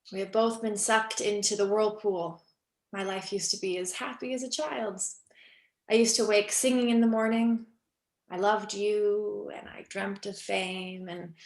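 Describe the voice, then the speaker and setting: A woman reading the part of a weary, heartsick young actress in a cold reading over a video call, wistful and shifting between hushed and urgent. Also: medium pitch, close to an everyday voice. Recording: echoey room on a video call.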